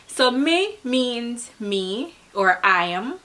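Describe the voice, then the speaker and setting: A woman's voice: a little high, big pitch swings, extremely slow, bright, forceful tone. A young woman from Jamaica with a Jamaican accent, talking to camera in a laid-back, chatty way and laughing at herself now and then. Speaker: vlogger. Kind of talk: casual explainer to camera.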